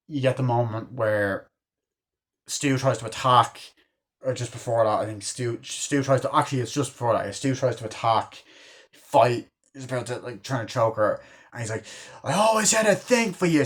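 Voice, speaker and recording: A man giving a casual, enthusiastic film review, rambling with lots of fillers and swearing freely. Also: medium pitch. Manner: rambling, profane, lots of fillers like "you know" and "like"; enthusiastic fan. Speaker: movie reviewer.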